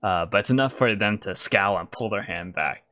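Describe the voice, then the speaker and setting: A man narrating as game master for a tabletop game, relaxed and hesitant with fillers. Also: fairly low pitch, moderate pace, dry recording, studio quality.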